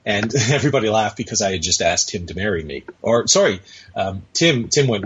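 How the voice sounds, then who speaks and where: A man's voice: fairly low pitch, lively intonation, brisk, fairly bright tone, breathy edge. A man chatting as a podcast guest, telling a long anecdote in a rambling way with many hesitations, on dull lo-fi audio. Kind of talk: casual storytelling conversation.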